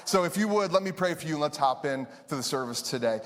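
Animated man preaching in a hall. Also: on the high side, fast talker, hardly any pauses. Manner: conversational, animated, laughs often. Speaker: pastor. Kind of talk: sermon. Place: church. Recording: reverberant church hall.

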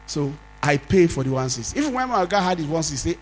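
A Nigerian man, a pastor, preaching a sermon as a story, swinging from loud exclamations to low asides. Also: very animated, quick pace, soft background music, low-quality recording.

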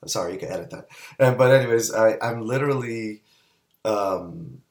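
A man from California telling a lively story as a guest in a casual interview, laughing and acting out the people in it. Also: fairly low pitch, normal speed. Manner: animated storyteller, acts out quoted voices, laughs often. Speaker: business owner, guest.

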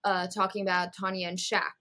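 A woman's voice: medium pitch, little pitch movement, a little fast, sharp tone. Woman podcast co-host, casual and chatty, fillers everywhere, acts out quotes as she recaps. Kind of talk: casual reality-TV recap chat.

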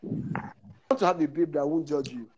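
A young Nigerian man telling a comic story in casual chat, animated and laughing as he goes. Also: on the high side, fairly quick. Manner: animated, laughs through his story, mixes pidgin. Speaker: comedian.

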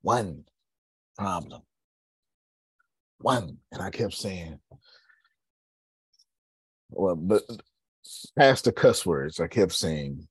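A man's voice: low-pitched, animated, very slow, long pauses, slightly rough, no echo. A man hosting a podcast in casual live coaching talk, emphatic, repeating phrases and calling listeners by name. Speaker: podcast host.

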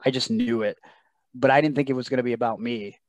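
An earnest man recounting a heartfelt story as a podcast guest, his voice sitting at an ordinary middle pitch. The recording is dry and close, with no room sound around him. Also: steady tone, fast, dry recording. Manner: emotional, earnest storytelling with quoted dialogue. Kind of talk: casual storytelling interview.

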